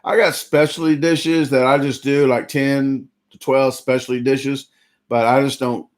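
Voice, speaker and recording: A man's voice: mid-range voice, little pitch movement, measured pace. A man, rambling through a casual live-stream chat after an eating challenge and greeting viewers by name. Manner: rambling, chatty, reads out viewer names; full and sluggish after a big eating challenge.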